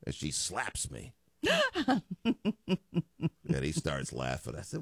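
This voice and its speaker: A man's voice: low voice, wildly swooping pitch, extremely slow, vocal fry, fairly bright tone, husky, dry recording. A man in his fifties, a radio talk show host, telling a joking story in a studio.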